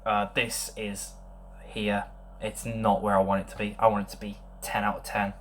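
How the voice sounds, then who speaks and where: A young man giving a casual beer tasting review, thinking aloud and rambling with many pauses. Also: on the low side, level tone, fairly bright tone, a little hiss or hum.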